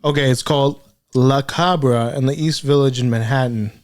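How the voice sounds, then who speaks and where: A man's voice: medium pitch, moderate pace. A young man co-hosts a casual podcast. He tells his stories loosely and swears often. He slips into quoted voices as he goes. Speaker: podcast co-host. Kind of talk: casual chat.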